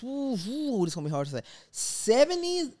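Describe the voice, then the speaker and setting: A young man hosting a casual talk show. He tells stories animatedly, his pitch swinging up and down, and laughs often as he goes. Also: huge pitch swings, brisk, dark tone. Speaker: podcast host. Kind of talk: casual storytelling chat.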